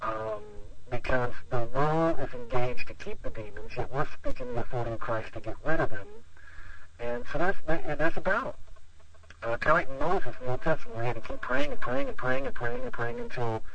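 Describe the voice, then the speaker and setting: A man's voice: medium pitch, very animated, fairly quick, creaky, a bit bright, rough recording. A man who is a pastor, telling a long story in an interview, rambling with lots of "you know" fillers. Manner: rambling, full of 'you know' fillers.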